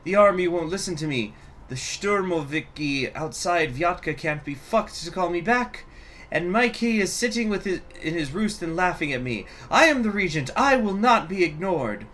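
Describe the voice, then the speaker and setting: A man's voice: high-pitched, lively intonation, normal speed, a bit bright, a little hiss or hum, pitched above the performer's own voice. A man voicing a furious tyrannical female regent, ranting threats in a dramatic reading of a game story. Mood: enraged.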